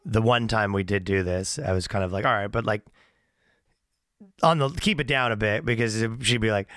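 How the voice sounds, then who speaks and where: A man, a comedian guest, telling a rambling, halting story in casual chat and laughing at his own words. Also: on the low side, fairly bright tone, faint music behind.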